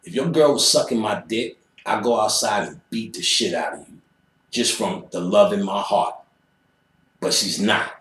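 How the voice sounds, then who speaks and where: Being interviewed, a man with a lowish, slightly bright voice tells a profane story at a moderate pace, full of energy and acting out other people's voices and sound effects. The room echoes noticeably.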